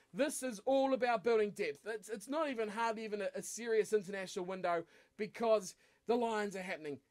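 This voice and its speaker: A man with a New Zealand accent talking through his rugby match predictions in a chatty, rambling way, with frequent fillers and restarts. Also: high voice. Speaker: rugby channel host.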